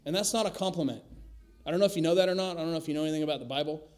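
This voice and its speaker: A male pastor preaching a sermon in a church, emphatic, slowing and dropping to a hush on key words. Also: a little high. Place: church sanctuary.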